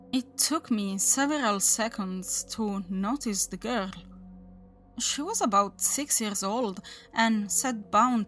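A woman reading a horror story aloud as its narrator, in a measured, deliberate storytelling manner. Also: medium pitch, a bit bright. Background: faint background music.

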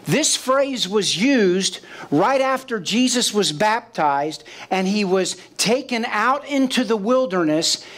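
Male pastor, sermon delivery, high voice, deliberate slow pacing, quizzes the congregation. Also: expressive, fairly bright tone. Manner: questions the congregation, acts out quoted voices. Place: church sanctuary.

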